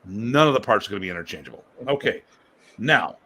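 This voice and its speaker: A man with a fairly low, forceful, tense-edged voice hosts a casual live stream. He rambles and stresses his points hard, sliding easily into rants as he teaches about martial arts. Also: animated, quick pace, slightly rough. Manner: rambling and emphatic, prone to rants. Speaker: martial arts instructor and show host.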